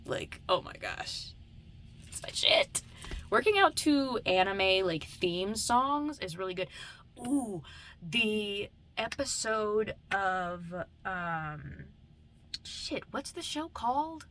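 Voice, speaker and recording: A woman's voice: mid-range voice, very animated, slow, a bit bright, slight background noise. A young adult woman vlogging at home at night, chatting in a drowsy, meandering way with casual swearing. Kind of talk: late-night rambling chat.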